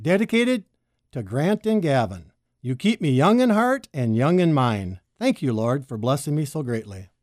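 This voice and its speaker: A woman reading a rhyming children's story aloud, expressive and sing-song. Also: normal speed, no room sound, clean studio sound. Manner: expressive, sing-song, big pitch leaps. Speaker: storybook reader.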